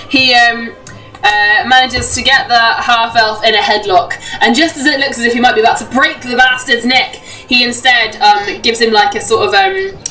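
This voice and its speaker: Lady dm narrating a tabletop game, lots of ums, bright voice, sounds a bit far from the mic. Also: on the high side, animated, normal speed, soft background music. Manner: chatty, laughing often, many ums. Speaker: game master.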